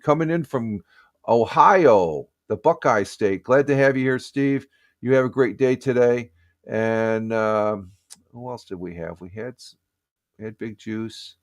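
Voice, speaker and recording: A man hosting a casual morning live stream, rambling with many fillers and restarts as he gives friendly shout-outs to viewers. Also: lowish voice, no echo, clean studio sound.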